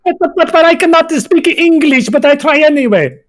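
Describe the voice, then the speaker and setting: A man's voice: very high voice, lively intonation, a little fast. A man putting on a hammy mock French accent as a fawning Frenchman, speaking playful broken English.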